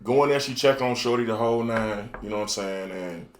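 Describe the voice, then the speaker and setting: A man's voice: fairly low pitch, fairly quick, echoey room, a little hiss or hum. A man telling a crude story on a podcast. He talks loosely and casually and keeps filling in with phrases like "you know.". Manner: crude, loose and lively, with many fillers like "you know what I'm saying". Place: podcast studio.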